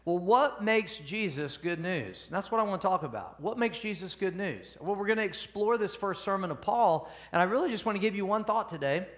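A pastor preaching a conversational sermon at a church service, often asking the congregation questions. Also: male voice, high-pitched, lively intonation, fairly quick, few pauses, fairly bright tone.

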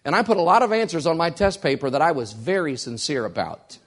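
A man's voice: on the high side, animated, fast talker. Emphatic preacher man. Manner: emphatic, repeats key lines for weight. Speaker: pastor. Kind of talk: sermon.

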